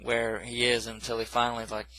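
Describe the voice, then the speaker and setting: A man's voice: mid-range voice, completely flat delivery, brisk, pushed and bright, low-quality recording. A man casually recapping a film plot in a rambling, self-correcting way, with dismissive asides. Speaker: movie reviewer.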